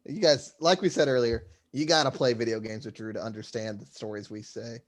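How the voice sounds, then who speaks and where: A man's voice: mid-range voice, fairly even intonation, brisk. A young man co-hosting a podcast, easygoing in casual chat, laughing along and saying "like" a lot. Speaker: podcast co-host.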